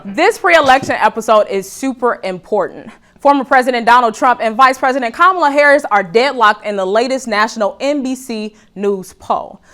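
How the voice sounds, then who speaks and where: A woman's voice: fairly high pitch, moderate pace, hardly any pauses, fairly bright tone. A woman hosting a talk show, delivering a joking comedic monologue to a live studio audience and calling them y'all.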